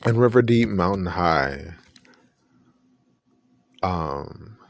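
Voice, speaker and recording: A man's voice: sits low, lively intonation, extremely slow, dry recording. A man hosting his own podcast, talking earnestly and reflectively and often restarting his sentences. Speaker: podcast host. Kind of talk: personal podcast commentary.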